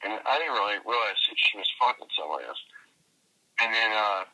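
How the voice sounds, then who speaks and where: A man's voice: fairly low pitch, expressive, fairly quick, sharp tone. A man telling a long, profane story in casual conversation, full of fillers and restarts, recorded from a phone call. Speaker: interviewee.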